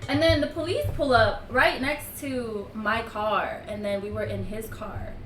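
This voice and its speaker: A woman telling a story in casual chat, talking fast with lots of "like" and frequent laughter. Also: on the high side, fairly even intonation, fairly bright tone. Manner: chatty, laughs often, peppered with "like". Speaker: streamer's girlfriend telling a story. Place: room at home. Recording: echoey room, mic at a distance, faint hiss.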